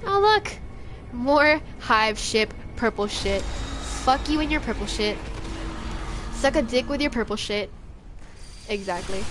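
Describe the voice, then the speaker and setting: A young female streamer talks through her gameplay in a high, bright voice. She swears freely and snaps back at the enemies on screen. A light hiss of noise sits under the recording. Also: animated, takes it slowly, long pauses. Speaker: game streamer. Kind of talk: live gameplay commentary.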